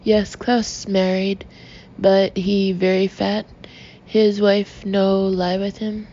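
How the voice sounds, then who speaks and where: A woman's voice: mid-range voice, little pitch movement, slow, dark tone, a little hiss or hum, natural voice. A woman doing a man faking a German accent. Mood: pushy. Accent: fake German. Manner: broken English, blurting. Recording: dull lo-fi recording.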